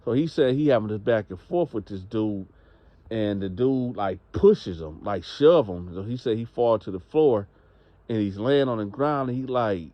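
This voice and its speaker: A man's voice: lowish voice, animated, moderate pace, no echo, highs cut off. A man narrating a story in a loose, slangy, conversational way.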